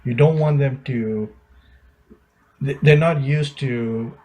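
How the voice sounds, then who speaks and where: A man with a husky, slightly raspy voice at a middle pitch, co-hosting a casual podcast. He talks in a relaxed way, pausing and hedging often. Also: dull audio. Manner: relaxed, hesitant, full of fillers. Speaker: podcast co-host. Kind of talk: casual chat.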